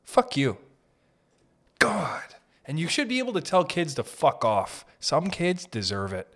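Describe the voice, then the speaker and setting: A man's voice: fairly high pitch, wildly swooping pitch, unhurried, fairly bright tone. A man with a Boston accent hosting a podcast, delivering a crude, swearing, unscripted comedic rant. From Boston area. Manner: crude, ranting, lots of swearing and laughing asides. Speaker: podcast host. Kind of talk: unscripted profane comedic monologue.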